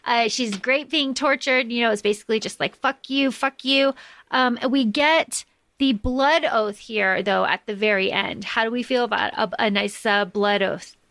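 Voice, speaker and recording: A woman's voice: fairly high pitch, normal speed, no room sound. A woman co-hosting a podcast, casually recapping a book with lots of fillers like "like" and "uh". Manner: relaxed, filler-heavy, recaps plot. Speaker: podcast co-host.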